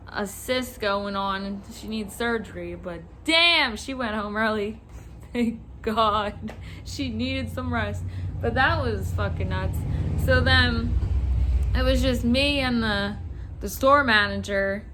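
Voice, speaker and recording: A young woman vlogger telling a work story in a casual, animated rant, swearing and acting out what callers said. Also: fairly high pitch, slow pace, slight background noise.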